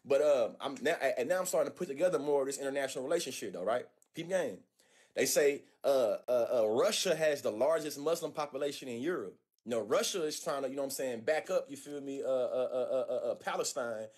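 A man's voice: mid-range voice, quick pace, a little mellow, husky. An American man streaming a casual video chat, talking in loose slang with lots of stammered restarts, heard over a video call. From United States. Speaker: streamer chatting with strangers online.

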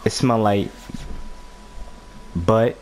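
A young man giving goofy, slang-filled commentary while playing a game, swinging between loud outbursts and low mumbles. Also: extremely slow, slight background noise. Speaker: gameplay streamer. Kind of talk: comedic gameplay commentary.

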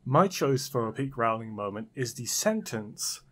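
A man's voice: medium pitch, very animated, moderate pace, hardly any pauses, a bit bright. A British man co-hosting a podcast, giving dry, wry comments in casual chat. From Britain. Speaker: podcast co-host.

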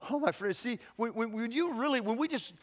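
An extremely high-pitched male voice, expressive and a little fast, belongs to a pastor preaching in a church sanctuary. He narrates with animation and performs the voices of the people he quotes, all under a long hall reverb.

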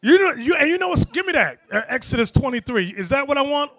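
A man preaching a lively sermon to a class, calling out for scriptures and acting out people's reactions. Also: very high voice, fast, no echo. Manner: animated, calls out for scripture, acts out people's reactions.

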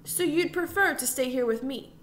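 Brief: woman voicing a stern, tired father in a storybook, grave and measured, a bit high. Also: a bit bright, a little hiss or hum. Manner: measured, grave, slightly sad. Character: stern yet weary father, a commandant.

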